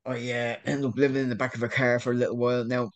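A man's voice: medium pitch, little pitch movement, fast talker. A middle-aged Irish man telling a rambling story in a casual interview, repeating words and laughing often. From Ireland. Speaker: guest.

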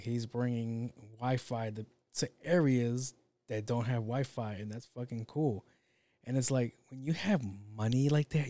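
A man's voice: mid-range voice, mellow. A young man in a casual solo monologue, rambling and profane, drifting off on tangents.

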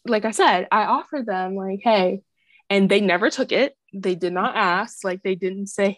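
A woman's voice: mid-range voice, measured pace, dry recording. A young woman co-hosting a podcast, telling a story in casual chat with lots of "like". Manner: chatty storyteller, heavy use of "like", acts out quotes. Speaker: podcast co-host.

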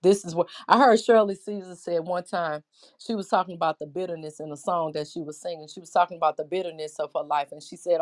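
A woman's voice: on the low side, fairly even intonation, fast. A middle-aged woman preaching a Bible lesson in an impassioned, conversational way, often putting questions to her listeners.

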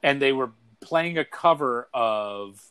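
A man's voice: medium pitch, lively intonation, takes it slowly, a bit bright, smooth. A man co-hosting a casual talk show, rambling and repeating words as he searches for what to say. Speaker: podcast co-host. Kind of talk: casual chat.

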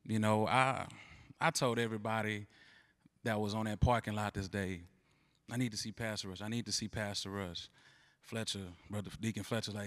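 A man giving an earnest, halting church testimony. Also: on the low side, fairly even intonation, fairly bright tone. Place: church sanctuary.

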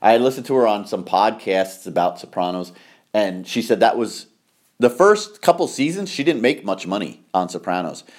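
A middle-aged American man hosting a podcast, telling stories in casual chat, rambling and excitable with frequent laughter. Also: fairly low pitch, moderate pace. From United States. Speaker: podcast host.

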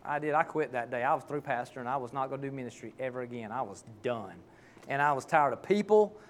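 A man's voice: medium pitch, lively intonation, fast, slight background noise. A man, a pastor preaching a sermon and telling heartfelt, folksy stories.

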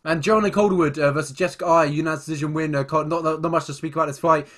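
A man co-hosting a casual fight recap podcast, rambling with lots of fillers and sudden excited bursts. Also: a little high, racing. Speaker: podcast co-host.

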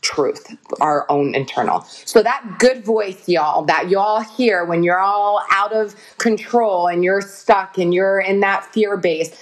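A woman guest on a podcast, talking in a casual, animated, emphatic way, preaching about self-healing and swearing casually. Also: mid-range voice, slow pace.

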